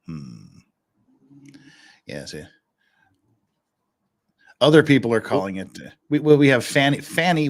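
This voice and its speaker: A man's voice: medium pitch, sing-song, a little slow, long pauses. A man hosting a casual livestream, chatting and joking with frequent restarts. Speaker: livestream host.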